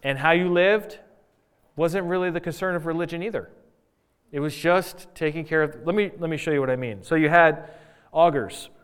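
A man teaching a Bible lesson in a relaxed, conversational lecture style. His voice is smooth and resonant and sits a little high. He drops in quick rhetorical questions and asides as he explains.

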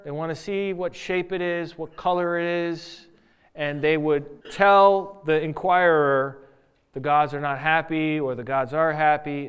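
A man teaching a Bible lesson in a relaxed, conversational lecture style. His voice is smooth and resonant and sits a little high. He drops in quick rhetorical questions and asides as he explains.

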